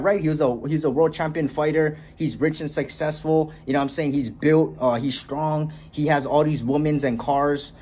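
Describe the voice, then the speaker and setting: Blunt, profane young man with a husky voice. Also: on the high side, fairly even intonation, moderate pace, hardly any pauses, a little mellow. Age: young adult. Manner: blunt, profane, repeats "right?" often. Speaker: motivational vlogger. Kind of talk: casual motivational rant to camera. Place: bedroom, then walking outdoors on a street.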